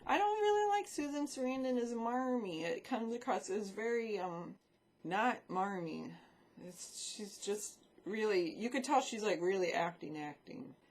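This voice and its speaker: A woman's voice: on the high side, lively intonation, a little slow, darkish tone. A woman vlogging in a casual, rambling chat about films and shows she watched, swearing freely as she talks into a desk microphone.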